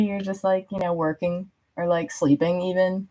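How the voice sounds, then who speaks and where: A young woman talks through a tarot reading in a loose, chatty way. She fills her sentences with little fillers, laughs freely and slips into quick impressions of the people she describes. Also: lowish voice, flat delivery, warm tone. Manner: chatty, lots of "like", laughs often, acts out quotes. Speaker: tarot reader. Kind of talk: casual spoken reading.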